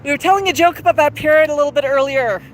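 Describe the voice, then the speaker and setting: A woman's voice: high-pitched, racing, poor audio. A woman hosting a live stream from her outdoor patio, gushing in sing-song praise to her pet bird and chatting casually into a phone camera. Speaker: livestream host with her parrot. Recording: outdoor street traffic noise.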